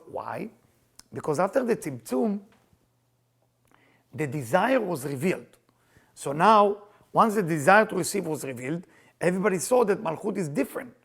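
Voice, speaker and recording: A man teaching Kabbalah in an animated lecture, emphatic and excitable in English. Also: a little high, creaky, slightly rough. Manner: excitable, emphatic, non-native English with Hebrew phrases.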